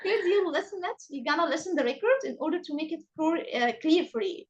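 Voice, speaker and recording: A woman's voice: extremely high pitch, animated, fairly quick, lo-fi sound. A woman teaching an online English class over a video call, acting out rising and falling intonation in her example sentences.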